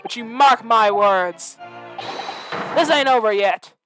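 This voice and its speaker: A woman voicing a brash, rough-spoken man who shouts back at people. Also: on the high side, slow, soft background music. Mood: gruff. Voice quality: rough, brash street manner. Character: gruff rough-spoken working-class man.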